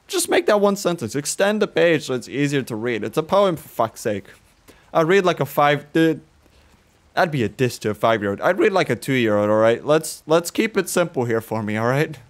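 A gaming video creator around 20 swears and rants in exasperation while playing and commenting on a horror game. His voice is a little high and expressive, at a moderate pace.

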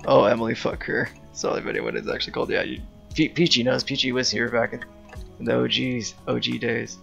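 Gravelly, bright-voiced male streamer. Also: medium pitch, lively intonation, brisk, highs cut off, faint music behind. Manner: chatty, thinks aloud, reads game dialogue choices aloud. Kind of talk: casual live-stream gaming commentary.

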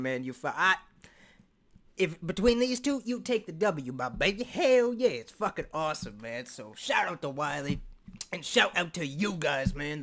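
A man hosting a reaction video, talking in an excitable, loud way with lots of swearing. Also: a little high. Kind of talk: casual reaction commentary.

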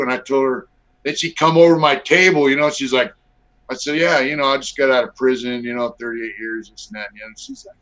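This middle-aged guest talks fast in a medium-pitched, steady, fairly bright voice. In a casual storytelling interview over video call, he's blunt, profane, relaxed, and full of fillers, and the audio is dull and lo-fi.

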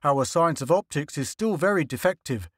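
A man reading a measured male astronomer. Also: fairly high pitch, animated, a bit bright, slightly rough, no echo, studio quality. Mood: explaining. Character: learned, earnest male astronomer.

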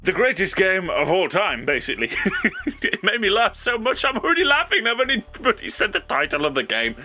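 A young man doing excitable let's play commentary, laughing and swearing as he plays. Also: sits high, fairly quick, a little hiss or hum. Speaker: gaming YouTuber. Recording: faint game music behind. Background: faint game music.

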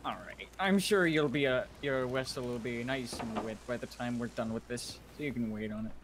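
A man with a middle-pitched voice jokes playfully with friends during an online game. His voice chat line carries a clear hiss of background noise. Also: brisk. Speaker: player. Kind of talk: casual gaming chat.

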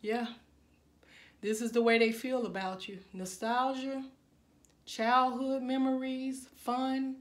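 A woman's voice: a little high, flat delivery, slow, roomy sound. A woman giving a casual tarot reading straight to her viewers, emotional and full of exclamations. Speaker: tarot reader.

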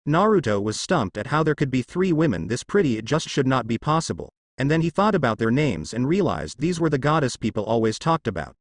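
A man reading a fan-fiction story with lively, expressive intonation at an ordinary pitch. The sound is close and dry with no room echo. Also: fairly quick, few pauses. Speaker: fanfiction narrator.

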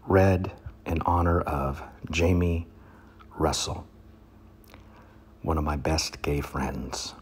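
A man's voice: extremely low pitch, slow pace, long pauses, husky. A man giving a comedic poetry reading, mock-pompous and rambling, often dropping into whispers.

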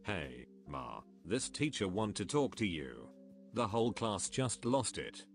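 A low-pitched male text-to-speech voice reads out stories in a flat, synthetic delivery, with faint music playing underneath. The pacing stays even and mechanical throughout. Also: a little slow, gravelly. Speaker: story narrator. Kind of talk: text-to-speech story reading.

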